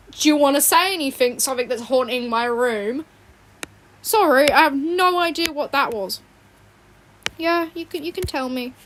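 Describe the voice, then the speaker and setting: High-pitched woman streamer, rambling and giggly, home room with a loud fan behind. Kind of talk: casual livestream chat while drawing. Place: home bedroom. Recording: fan noise in background. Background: fan hum.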